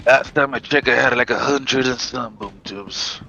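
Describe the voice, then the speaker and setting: A man's voice: medium pitch, unhurried, creaky, bright, forceful tone, lo-fi sound. A man playing a game with a friend, talking in brash, slangy casual chat and swearing freely. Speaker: gamer.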